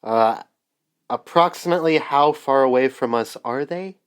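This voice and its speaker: A man's voice: mid-range voice, moderate pace, clear, resonant tone. A man playing a tabletop game, speaking hesitantly with many fillers. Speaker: player.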